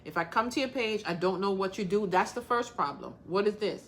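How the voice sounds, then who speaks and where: A woman's voice: medium pitch, lively intonation, fairly quick. A woman hosting a casual crafting livestream, talking bluntly and straight to the point while calling out viewers by name.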